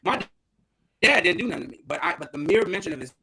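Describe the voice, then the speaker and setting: A man's voice: sits high, big pitch swings, fast, a crowd in the background, low-quality recording. A man co-hosting a casual porch podcast, animatedly telling a childhood story and acting out the quotes. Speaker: podcast co-host.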